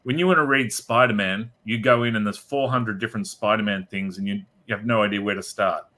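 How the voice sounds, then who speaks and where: A man's voice: lowish voice, fairly even intonation, fairly quick, bright, forceful tone. A man hosting a casual panel chat, a playful, teasing storyteller. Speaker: host.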